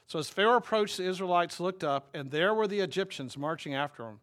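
A man preaching a sermon in a slightly higher voice than most men. He talks in a wry, conversational way, often turning to his listeners with a question. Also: expressive, fast, fairly bright tone. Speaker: pastor.

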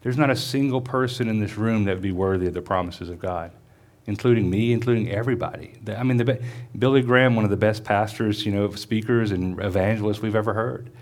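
Man, pastor, church sermon, lowish voice, conversational preaching, slow scripture reading.

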